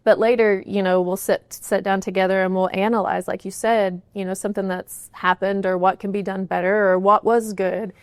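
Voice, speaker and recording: A woman's voice: medium pitch, flat delivery, normal speed, few pauses, smooth, dry recording. Candid middle-aged woman, interview guest. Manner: earnest, candid, many "you know" fillers. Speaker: guest, horse trainer's wife and business partner. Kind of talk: reflective interview answers. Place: interview studio.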